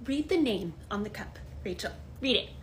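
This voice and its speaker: A woman's voice: mid-range voice, lively intonation, normal speed, a little hiss or hum. A young woman acting as a put-upon barista in comedy sketches. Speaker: sketch co-performer.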